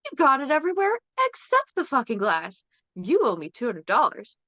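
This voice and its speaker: A woman voicing a crude, swearing bartender in a bar joke with a loud, rough delivery over a dull, lo-fi recording. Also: very high-pitched, wildly swooping pitch, normal speed, dry recording, heavily acted. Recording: dull lo-fi sound.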